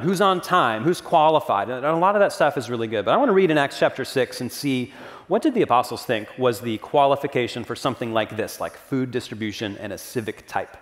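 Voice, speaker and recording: A man preaching a sermon as pastor, earnest and conversational, with casual asides to the congregation. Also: a little high. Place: church sanctuary. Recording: long reverb of a church hall.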